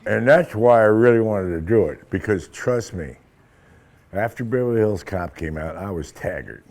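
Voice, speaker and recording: An older man with a very deep, gravelly voice recounts show-business stories in an interview. He talks in a lively, profane way and slips into the voices of the people he quotes. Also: normal speed. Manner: animated, profane, acts out quotes. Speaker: actor. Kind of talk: anecdotal interview storytelling.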